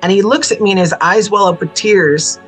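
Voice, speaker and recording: A woman's voice: mid-range voice, fairly quick, soft background music, poor audio. A woman who is a guest spiritual healer, earnestly telling a personal story in a casual podcast chat from a small bedroom studio. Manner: earnest, emotional, laughing.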